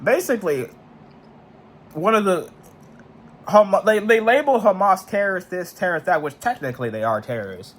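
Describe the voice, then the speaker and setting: A man's voice: sits high, very animated, moderate pace, pauses often, fairly bright tone. A young man ranting in a frustrated, profane monologue full of slang and restarts. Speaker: vlogger.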